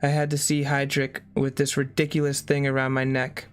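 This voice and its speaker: Flat-voiced reader of a memoir. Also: mid-range voice, moderate pace, clean tone, soft background music. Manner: plain reading with brief spoken asides. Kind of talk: reading a memoir aloud.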